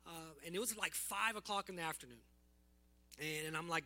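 A man's voice: high voice, steady tone, moderate pace, bright, forceful tone. A man preaching to a congregation, fervent and emotional as he prays and shares his testimony, calling out to the people. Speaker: guest preacher. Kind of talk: sermon with prayer and testimony.

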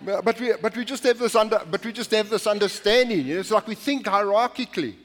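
High-voiced man preaching in a reverberant hall. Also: quick pace. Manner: conversational, anecdotal preaching with frequent restarts. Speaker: pastor. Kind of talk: sermon. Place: church sanctuary.

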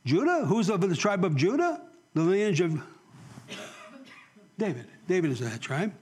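A man's voice: sits high, sing-song, normal speed, a little mellow, a little hiss or hum. A male pastor giving a conversational sermon in church, often asking the congregation questions and joking.

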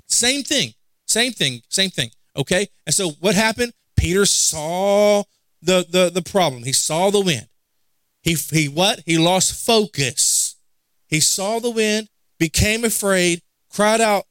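A man's voice: high voice, expressive, a little slow, a bit bright, no echo. A man preaching a sermon as pastor, asking the church rhetorical questions, repeating key phrases, and acting out Bible dialogue in character.

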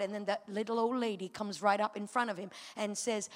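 A woman telling her personal testimony to a church congregation, chatty and lively, often laughing as she tells it. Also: mid-range voice, a little fast, hardly any pauses. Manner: lively, chatty storytelling with frequent laughs and rising emotion. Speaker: church member giving a testimony. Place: church sanctuary. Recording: reverberant church hall.

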